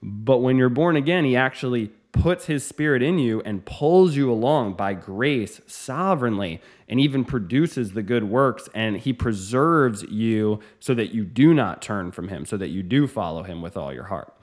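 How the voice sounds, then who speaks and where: A man teaching a sermon in an earnest, emphatic way, hurrying through asides and slowing on stressed lines. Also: mid-range voice, expressive. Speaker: preacher.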